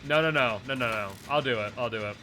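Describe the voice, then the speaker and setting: Excitable man streaming a game. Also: medium pitch, fast, slight background noise. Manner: excitable, jumps to shouting when startled, laughs often. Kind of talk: live gameplay commentary.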